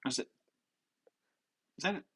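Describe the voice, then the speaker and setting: A man's voice: a little slow, sharp tone. A man hosting a podcast, telling stories in loose, rambling casual chat with some swearing. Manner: rambling, profane storytelling. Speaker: podcast host.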